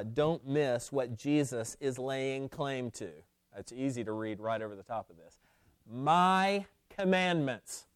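A man's voice: mid-range voice, darkish tone, clear, resonant tone, no room sound, studio quality. A man preaching a sermon to his congregation, pressing points home by repeating key phrases, with frequent restarts. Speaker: pastor.

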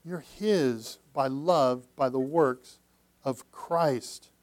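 A pastor preaching a sermon, earnest, repeating phrases and moving between hushed, low passages and loud, emphatic cries. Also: male voice, extremely slow, no echo.

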